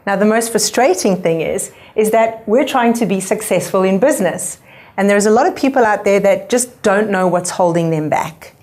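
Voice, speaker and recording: A woman's voice: mid-range voice, darkish tone. Woman, interview host, enthusiastic, sums up points. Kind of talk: conversational interview.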